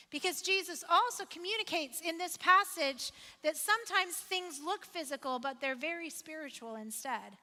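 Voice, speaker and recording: Woman pastor, sermon, very high voice, emphatic and conversational, reverberant hall. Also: bright, forceful tone. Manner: emphatic, repeats phrases for effect; conversational, asks the listeners questions. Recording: long reverb of a large hall.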